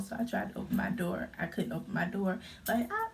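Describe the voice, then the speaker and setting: Young woman fighting back tears, gravelly. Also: medium pitch, wildly swooping pitch, far from the mic, a little hiss or hum. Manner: halting, emotional retelling, full of fillers. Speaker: vlogger. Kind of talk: storytime vlog.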